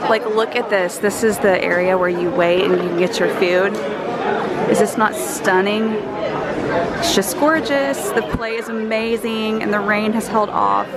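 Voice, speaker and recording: A woman's voice: mid-range voice, little pitch movement, normal speed, a loud crowd. A young American woman chatting enthusiastically with many fillers as she films a travel vlog. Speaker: travel vlogger. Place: out of doors in a park and city.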